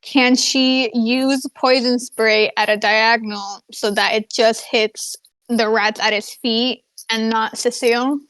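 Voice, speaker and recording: A woman's voice: a little high, fairly even intonation, takes it slowly, fairly bright tone, no echo, rough recording. A woman playing a tabletop game, describing her moves hesitantly with many fillers. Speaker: player. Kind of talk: casual tabletop play.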